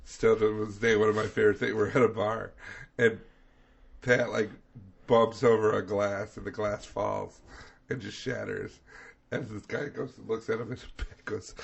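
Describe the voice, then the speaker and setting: A man with a low, gravelly voice, telling loose stories on a comedy podcast. He teases and laughs as he talks. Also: level tone, normal speed. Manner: storytelling, teasing, laughs often. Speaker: podcast co-host. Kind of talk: casual comedic chat.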